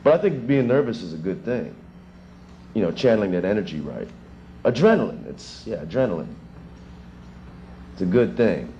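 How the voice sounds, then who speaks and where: A man in his thirties, a session drummer, answering students' questions in a rambling, animated way with chuckles, in a music school classroom. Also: on the low side, moderate pace, pauses often, highs cut off, a little hiss or hum. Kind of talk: casual Q&A with students.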